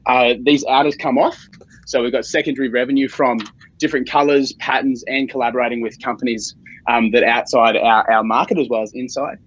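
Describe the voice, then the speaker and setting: Husky upbeat Australian man. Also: medium pitch, fairly even intonation, a little fast, muffled recording. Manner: casual, upbeat, slangy. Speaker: startup founder pitching. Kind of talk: startup pitch over video call. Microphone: video call.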